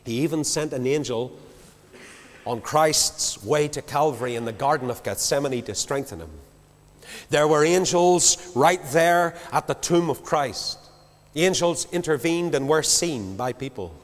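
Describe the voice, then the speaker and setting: A man preaching a sermon to a large congregation, swinging from loud declarations to quiet low asides. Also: animated, a little slow. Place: large church. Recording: long hall reverb.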